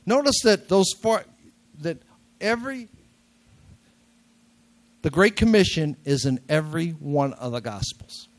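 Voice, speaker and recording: A man's voice: a little high, unhurried, long pauses. Older man preaching in a nasal voice. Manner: conversational, jokey, repeats key words for emphasis. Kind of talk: sermon. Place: church sanctuary.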